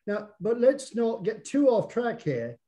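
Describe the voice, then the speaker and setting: A man's voice: high voice, big pitch swings, unhurried, dark tone. A man hosting a casual interview, bantering in a put-on Cockney accent. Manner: jokey, bantering. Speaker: podcast host.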